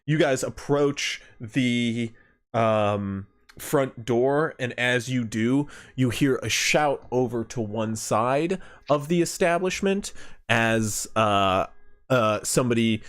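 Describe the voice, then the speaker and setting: A man's voice: medium pitch, takes it slowly. Laid-back man narrating as game master. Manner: loose, many fillers like uh and like.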